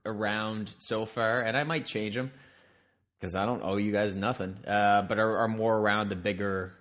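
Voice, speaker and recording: A man's voice: lowish voice, fairly even intonation, normal speed, a bit bright. A man co-hosting a casual podcast, rambling and cutting himself off as he talks. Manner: rambling, self-interrupting. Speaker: podcast co-host. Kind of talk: casual chat. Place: Halifax.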